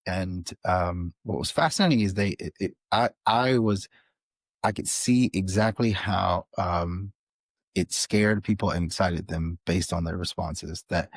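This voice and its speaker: A man, a podcast guest, telling an animated story in a casual interview, with frequent restarts. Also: low-pitched, measured pace, dry recording. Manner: animated, many restarts and fillers. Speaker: podcast guest, author and filmmaker.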